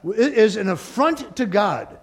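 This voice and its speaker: A male pastor delivering a sermon in a high, lively voice that rises and falls freely. He keeps it conversational and playful, slipping jokes between points. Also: a little slow. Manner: joking, animated, conversational.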